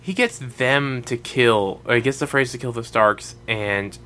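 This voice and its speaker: A man's voice: medium pitch, measured pace, pushed and bright. A man co-hosting a casual podcast, joking and talking with enthusiasm. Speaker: podcast co-host. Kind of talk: casual recap chat.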